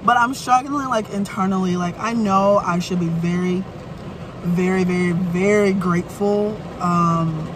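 A burnt-out woman venting in a frustrated, halting rant from inside her parked car, starting over again and again. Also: medium pitch, noisy background. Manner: frustrated, halting, many restarts. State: burnt out and weary. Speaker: vlogger. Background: faint rain and vehicle ambience.

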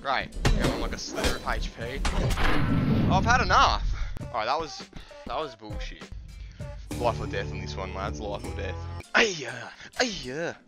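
Aussie guy swearing at a game, voice swings way up and down, loud music over it. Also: mid-range voice, measured pace. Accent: Australian. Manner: excitable, yelling at enemies. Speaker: gaming video host. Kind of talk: sweary gameplay commentary.

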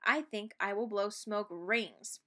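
A woman's voice: medium pitch, slow, pushed and bright. A woman voicing a lonely young male dragon who shows off, in a storybook reading. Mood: eager.

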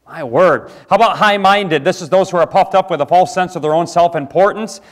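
A pastor preaching a sermon in a church, jumping from loud outbursts to quiet asides. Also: male voice, sits high, fairly quick. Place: church sanctuary.

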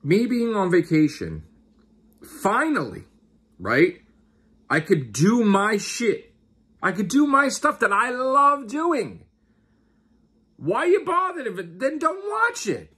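A man's voice: high-pitched, very animated, takes it slowly, pauses often, sharp tone, slightly rough. A man who hosts a YouTube channel and podcast, giving an exasperated, profane rant and repeating his questions. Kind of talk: angry ranting vlog.

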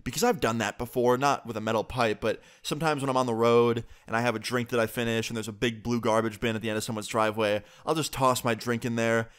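A young man in his twenties telling a story-time vlog in a lively, casual way with fillers. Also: medium pitch, clean tone. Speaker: YouTuber.

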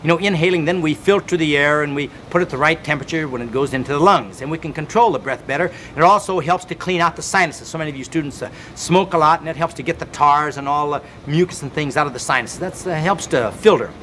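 A man's voice: on the high side, fast talker, hardly any pauses, slight background noise. A man hosting a televised home exercise show, counting reps energetically and speaking earnestly and directly to the viewer. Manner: energetic counting and coaxing commands. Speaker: fitness show host.

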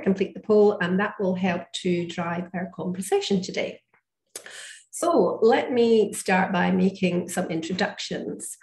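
A woman's voice: mid-range voice, darkish tone, echoey room. A woman with a Scottish accent co-hosting a webinar, introducing the panel in a friendly, welcoming way. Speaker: community ambassador, co-host.

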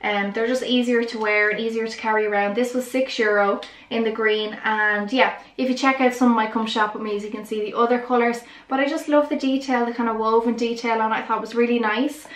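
A woman's voice: a little high, fairly even intonation, fairly quick, few pauses. A young woman, chatting enthusiastically through a clothing haul on her vlog. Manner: chatty and enthusiastic, lots of "really, really". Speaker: vlogger. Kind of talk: casual haul vlog chat. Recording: echoey room.

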